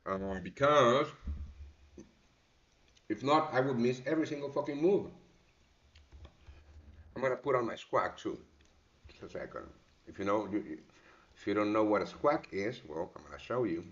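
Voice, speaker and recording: A man's voice: on the low side, animated, normal speed, pauses often, fairly bright tone, highs cut off. A man hosting a live trading show, giving casual, rambling market commentary, swearing now and then and calling his viewers mate. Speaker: forex trading show host.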